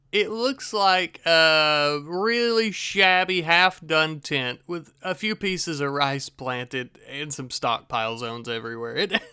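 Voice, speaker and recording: A man with a bright, crisp voice talks through a casual reaction to his own old gameplay video. He rambles, laughs at himself and teases his past self. The sound is dry and close, with no room around it. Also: high voice, dry recording.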